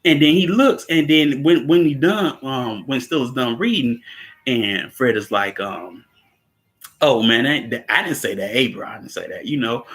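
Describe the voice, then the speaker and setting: A man casually recapping a film scene, laughing often, repeating words and acting out quotes in a higher voice. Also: animated, moderate pace, a bit bright.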